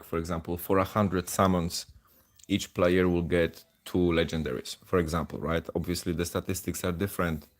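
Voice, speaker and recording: A man from Poland chatting casually and self-deprecatingly as he streams live gameplay of a mobile game. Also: low voice.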